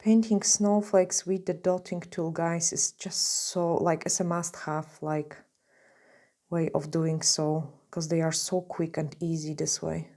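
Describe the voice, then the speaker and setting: A woman nail artist narrates a casual tutorial while working, chatty and gushing and full of fillers, even as her voice is going. Her low voice is level, warm and measured.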